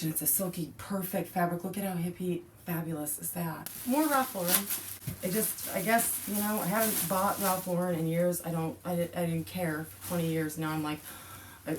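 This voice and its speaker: Gushing woman in her forties, low voice. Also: darkish tone, recorded from a distance, a little hiss or hum. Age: 40s. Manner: gushing, exclaims often. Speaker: vlogger. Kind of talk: casual unboxing chat.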